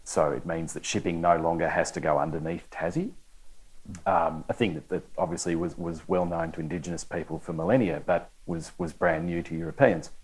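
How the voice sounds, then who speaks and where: A man's voice: sits low, steady tone, a little fast, slightly rough, low-quality recording. A man, an author at a bookshop literary event, laying out historical background in an orderly, explanatory way. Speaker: author in conversation. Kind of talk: onstage literary conversation.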